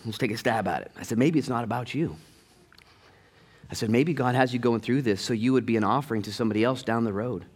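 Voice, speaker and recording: A middle-aged male pastor preaching a sermon, telling stories in a conversational way and talking straight to the congregation, with sudden jumps in pitch and loudness. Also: fast, a little hiss or hum. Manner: animated storytelling with sudden rises in pitch and volume; conversational, addresses the congregation directly.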